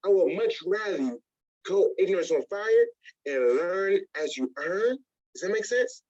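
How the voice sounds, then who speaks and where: A network marketing trainer whose voice sits high speaks a little slowly, captured in lo-fi sound. He leads a motivational business training with animation, acting out small scenes in various voices.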